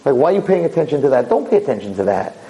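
A man's voice: medium pitch, sing-song, very fast, dark tone, highs cut off, lightly acted. A man voicing a scheming seductive woman who coaxes and brushes off questions. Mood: coaxing. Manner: coaxing, brushing off worries.

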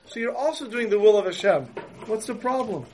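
A man voicing a calm, wise brother who patiently reasons with his sibling in a retold story. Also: high-pitched, brisk, slight background noise. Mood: reasoning.

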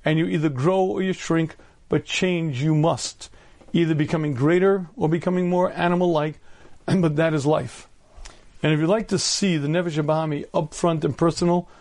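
A man in his fifties, a rabbi giving a storytelling Torah lecture, often clearing his throat and using humor. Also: a little high, darkish tone. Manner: humorous, acts out voices in anecdotes.

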